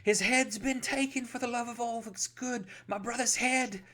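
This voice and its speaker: Guy doing a frantic young noble dude, way high and shrill, freaking out. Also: steady tone, normal speed, crowd noise. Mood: hysterical. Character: hysterical young noble man, grieving.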